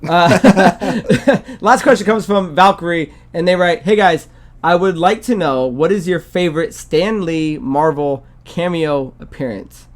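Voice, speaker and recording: A man hosting a casual video game podcast, his voice sitting a little high. He rambles loosely, circling back with fillers and restarts. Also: measured pace. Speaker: podcast host.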